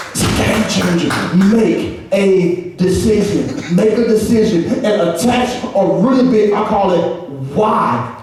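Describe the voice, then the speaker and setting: A man preaching in a big church hall, his high voice ringing with heavy echo. He sounds a little distant from the mic, and he calls on the crowd to answer back. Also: a little hiss or hum. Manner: animated preaching with call-and-response and acted quotes. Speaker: pastor. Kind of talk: sermon. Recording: echoey hall, far from mic.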